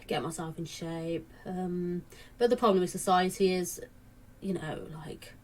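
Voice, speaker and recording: A woman's voice: on the low side, a little mellow. A woman in her late twenties chatting casually to camera, rambling with lots of fillers and restarts. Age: late 20s. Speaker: vlogger.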